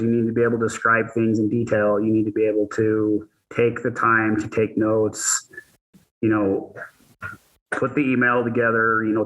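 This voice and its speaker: Male guest, bright forceful voice, quick animated storyteller, casual interview. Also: medium pitch, poor audio. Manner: animated anecdote teller, quick bursts. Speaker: guest, athlete and ambassador manager.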